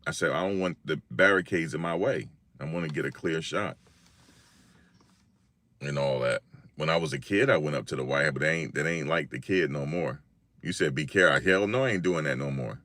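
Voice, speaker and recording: This Virginia live-stream host has an extremely low voice and talks a little fast, telling a lively, slang-filled story while acting out people's words. The recording is dry.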